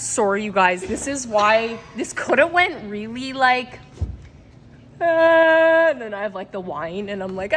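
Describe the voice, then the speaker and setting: A woman's voice: a little high, lively intonation, unhurried, fairly bright tone, a little hiss or hum. A woman talking to camera in a casual vlog, emotional and rambling, often breaking into laughter. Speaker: vlogger and product maker.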